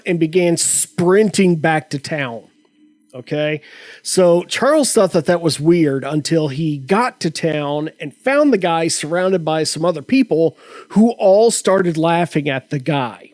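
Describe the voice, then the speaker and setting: A man hosting a comedy podcast, telling a story in a casual, halting way with frequent restarts. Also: fairly high pitch, lively intonation, a little mellow, dry recording, rough recording. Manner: slow, halting delivery with many restarts. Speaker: podcast host.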